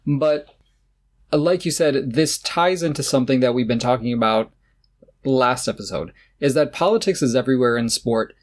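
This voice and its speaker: A man talking casually as a podcast co-host, with a voice of ordinary middle pitch. He is opinionated and sarcastic, and he laughs often as he makes his points. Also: normal speed. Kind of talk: casual chat about tennis.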